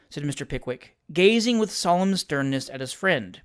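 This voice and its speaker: An audiobook narrator reading a classic novel in a measured way, dropping lower for the narration between characters' lines. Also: lively intonation.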